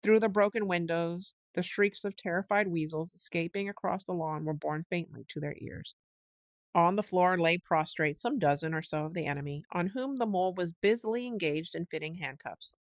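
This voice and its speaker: A woman giving a slow, unhurried bedtime reading of a storybook, now and then lifting into quick character voices. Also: lowish voice, no echo. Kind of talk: slow sleep-story narration.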